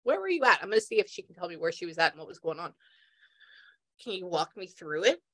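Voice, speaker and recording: A woman's voice: on the low side, big pitch swings, quick pace, a bit bright. A woman working as a psychic medium in a casual session, chatty and laughing as she passes on messages.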